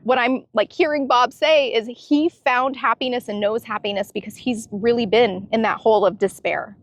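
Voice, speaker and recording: A woman's voice: on the high side, fairly even intonation, moderate pace. A woman reading an introduction and asking interview questions in an earnest, admiring way. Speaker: interviewer and narrator.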